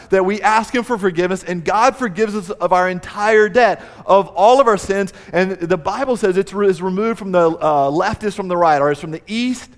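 A man's voice: high voice, long reverb tail. A man preaching a sermon, earnest and building emphasis as he retells a story. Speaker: pastor.

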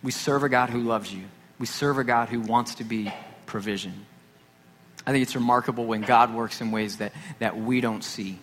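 A man's voice: medium pitch, fairly even intonation, normal speed, fairly bright tone. A man preaching a sermon, from Texas, telling a personal story in a conversational way with self-deprecating asides. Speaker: pastor. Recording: long hall reverb with faint noise.

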